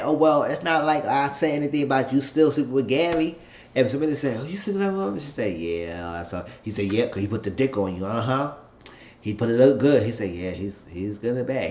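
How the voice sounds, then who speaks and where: A man casually recapping a TV episode, acting out the characters' lines as he retells it. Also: mid-range voice. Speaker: show recap host. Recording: echoey room, dull lo-fi sound.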